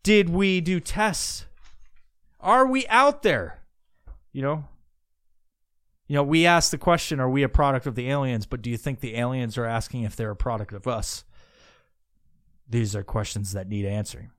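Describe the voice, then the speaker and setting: A man's voice: mid-range voice, normal speed, pauses often, a bit bright, no room sound, clean studio sound. A man hosting a podcast, rambling in a casual monologue, swearing often and restarting his sentences. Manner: rambling, profane, musing aloud with many restarts. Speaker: podcast host.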